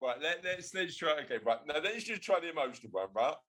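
Male podcast host, casual and playful, lively animated delivery. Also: on the high side, fast, soft background music, rough recording. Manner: playful, teasing, laughs often. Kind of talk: casual chat.

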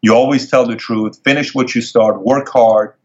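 A man telling a personal story as an interview guest, animated and acting out the people he quotes in a higher voice. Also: moderate pace. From Middle East. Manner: animated, acts out quoted dialogue in raised voice. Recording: dull lo-fi sound.

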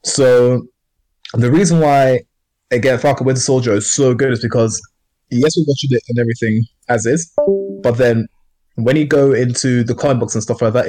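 A man co-hosting a podcast in a loose, rambling chat. His pitch sits in an average range, and he keeps stopping to restart his sentences. His talk is full of ums and uhs. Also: a little mellow. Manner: rambling, many fillers and restarts. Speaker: podcast co-host. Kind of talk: casual podcast discussion.

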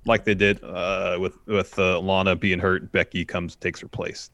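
A man with a very deep voice calmly walks through events on a wrestling podcast. His tone is relaxed and conversational. The recording is dry and close. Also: normal speed, no echo. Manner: relaxed, reads out recap of events. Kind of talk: casual chat recapping wrestling.

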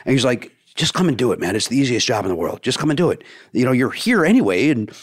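A man's voice: mid-range voice, fast. A man in his fifties, a stand-up comedian, casually telling a story and acting out the people in it. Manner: animated, acts out quoted dialogue.

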